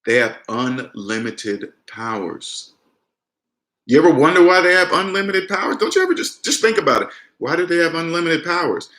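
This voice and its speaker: A man's voice: a little high, expressive, normal speed, pushed and bright. A man giving a blunt, emphatic personal finance lecture straight to his viewers, often restarting his sentences. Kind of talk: casual lecture to the camera. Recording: roomy echo.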